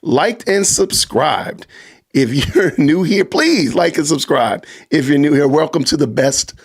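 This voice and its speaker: A middle-aged man, hosting a casual livestream podcast and talking straight to his live chat in an animated, joking way. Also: a little high, measured pace, husky. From Georgia, US. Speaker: podcast host.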